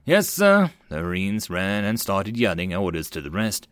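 A man narrating a web novel audiobook in a plain, even reading voice. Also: sits low, normal speed, dry recording.

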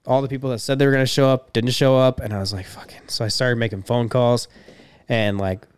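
A man's voice: medium pitch, flat delivery, a little fast, smooth. A young man co-hosting a podcast, telling stories in a laid-back way, swearing freely and laughing often. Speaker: podcast co-host and race promoter. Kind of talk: casual chat.

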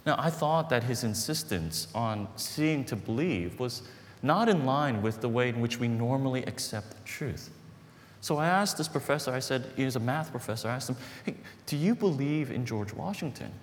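A male pastor preaches in an earnest, conversational storytelling way and leans hard on his key points. His voice sits at an everyday middle pitch. It rings out with a long reverb from a large hall, and faint noise runs underneath. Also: expressive, normal speed. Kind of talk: sermon storytelling.

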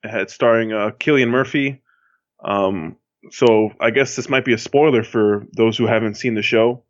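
A man's voice: fairly low pitch, moderate pace, no room sound. A man from Miami, a podcast co-host, talking in a loose, rambling way with lots of fillers and restarts. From Miami, Florida. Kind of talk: casual chat. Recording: dull lo-fi sound.

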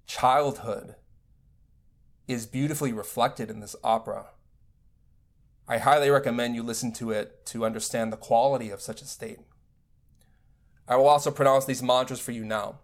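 A man giving a recorded spiritual lecture as a teacher, speaking in a measured, deliberate way. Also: mid-range voice, fairly even intonation.

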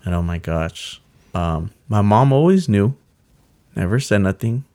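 A young man telling a personal story in casual talk, earnest and halting, with many fillers. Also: fairly low pitch, animated, mellow. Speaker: guest telling his story.

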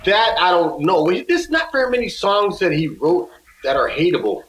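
Male guest, casual storyteller, a little high-voiced, halting with restarts, roomy echo. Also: sing-song, a bit bright, a little hiss or hum. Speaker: guest musician.

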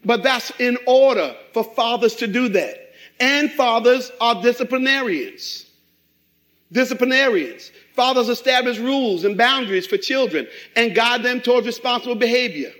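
A middle-aged man preaching a sermon, animated and acting out quoted voices. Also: extremely high pitch, moderate pace, low-quality recording. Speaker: pastor.

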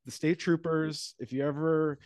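A man in casual podcast chat, rambling and wry, often laughing and trailing off quietly. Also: on the high side, steady tone, moderate pace, no echo.

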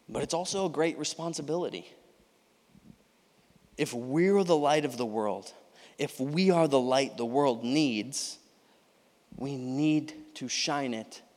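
Energetic young pastor preaching in a reverberant hall. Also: male voice, fairly high pitch. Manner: energetic, conversational, lots of "you know what I mean, right?". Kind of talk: sermon. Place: church sanctuary.

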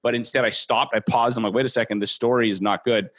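A man's voice: mid-range voice, steady tone, fast, fairly bright tone. A man hosting a training podcast, speaking earnestly and encouragingly to his listeners as a mortgage brokerage trainer. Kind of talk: motivational training talk.

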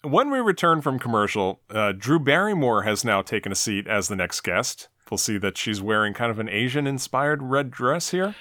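A man hosting a podcast, casually talking through an old talk show episode with relaxed, filler-heavy chat. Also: medium pitch, moderate pace, few pauses, no echo, studio quality. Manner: relaxed, chatty, frequent fillers. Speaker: podcast host.

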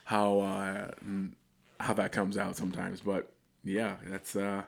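A pastor hosting a podcast, chatting in a relaxed, measured way. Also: male voice, low voice, gravelly, husky. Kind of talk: casual chat.

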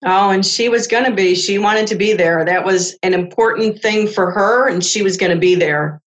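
A woman's voice: mid-range voice, moderate pace. A woman hosting a casual interview, responding with frequent exclamations. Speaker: host.

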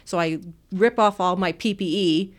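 A woman co-hosting a podcast tells a heated story from her nursing work. She swears freely and laughs through the telling, in an animated, conversational way. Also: on the low side, normal speed. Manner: profane, animated, laughs often. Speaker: podcast co-host, nurse. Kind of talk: casual storytelling chat.

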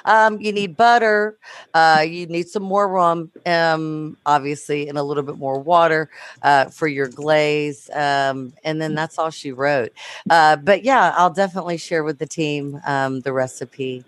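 A woman from Louisiana, chatting casually and telling a story with lively, laughing energy. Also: sits low, unhurried, dry recording. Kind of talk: casual chat.

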